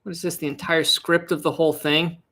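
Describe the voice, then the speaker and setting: A man's voice: fairly high pitch, flat delivery, a little fast, bright, forceful tone. A young man chatting casually on a live stream, rambling and restarting his sentences, with frequent laughs. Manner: rambling, self-interrupting, giggly.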